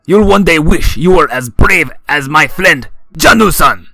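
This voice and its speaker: A man voicing a drunken, grandiose male sumo wrestler who booms in slurred, broken English. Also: expressive, a little slow, sharp tone, dry recording, exaggerated voice.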